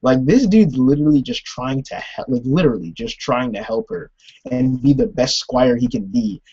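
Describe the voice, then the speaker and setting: A young man recapping a TV episode in a rambling, animated way, laughing often and saying "like" a lot. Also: medium pitch, normal speed, slightly rough, muffled recording. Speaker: TV episode reviewer. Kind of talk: casual recap and commentary.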